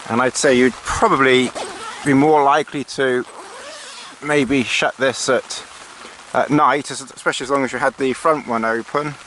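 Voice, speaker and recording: A man's voice: medium pitch, steady tone, moderate pace, fairly bright tone. A man giving a casual walkthrough of a tent from inside it, hesitant, with dry sarcastic asides. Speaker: outdoor gear reviewer. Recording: faint rain noise on tent.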